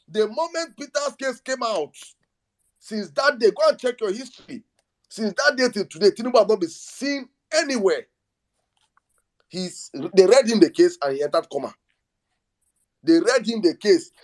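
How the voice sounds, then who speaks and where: A man's voice: high-pitched, animated, normal speed. A Nigerian man hosting a live audio talk space, giving a fiery, mocking political speech with bits of pidgin.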